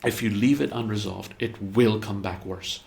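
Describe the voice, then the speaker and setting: Low-voiced man explaining with acted examples. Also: fairly even intonation, normal speed, creaky, a little mellow. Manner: fluent, repeats words, acts out example dialogue. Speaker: therapy practice head explaining relationships. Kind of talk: conversational explanation.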